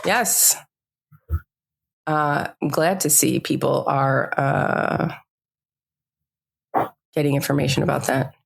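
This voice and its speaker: A woman's voice: extremely low pitch, slow, creaky, pauses often, breathy edge. A woman co-hosting a podcast in casual, chatty talk, laughing off her own slips. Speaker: podcast co-host.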